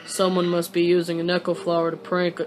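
A woman voicing a lazy, joking male skeleton with a slow, low, drawling read. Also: completely flat delivery, very noisy, lightly acted. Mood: laid-back.

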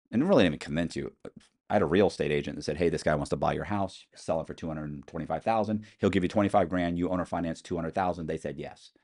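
A man's voice: low voice, darkish tone. A man as an interview guest, telling personal stories in a matter-of-fact, rambling way with frequent restarts. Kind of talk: casual storytelling interview.

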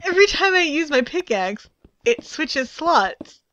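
Giggly woman playing a game, high voice, bouncy pitch, unhurried, dry close sound. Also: sing-song, a bit bright, dull audio, slight background noise. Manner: giggly, laughs often. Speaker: game streamer. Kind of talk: casual gaming chat.

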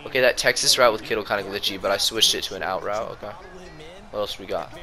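A young man with a sore throat giving slangy, excitable commentary over his own old football video game match. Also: fairly low pitch, fast talker. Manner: excitable, slangy, jumps between play-by-play and rants. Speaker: gaming YouTuber. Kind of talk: gameplay commentary.

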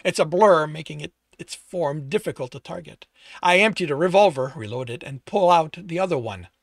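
A man's voice: on the high side, lively intonation, moderate pace, creaky, no echo. Man narrating, correcting slips, dry. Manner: rereads and corrects his own slips. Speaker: author reading his own novel. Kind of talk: first-person audiobook narration.

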